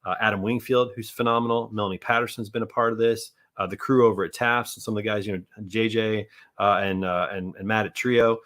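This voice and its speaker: A man's voice: lowish voice, fairly even intonation, a little fast, a bit bright. A man hosting a podcast, chatting casually and joking with his guest. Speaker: podcast host. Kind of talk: casual interview chat.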